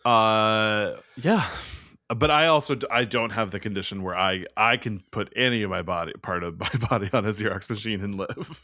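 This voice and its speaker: A man with a lowish voice chats loosely on a podcast, recapping a film with lots of ums and likes. His delivery is rambling and jokey. The sound is dry and close. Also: normal speed, pushed and bright, no echo. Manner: rambling, jokey, many fillers. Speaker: podcast co-host. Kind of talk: casual chat recapping a film.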